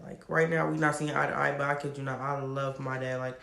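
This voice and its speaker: A man telling a personal story to camera in a casual, animated, slangy way. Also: mid-range voice, a little fast, gravelly, echoey room. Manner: animated, slangy, laughs often. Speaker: storytime vlogger.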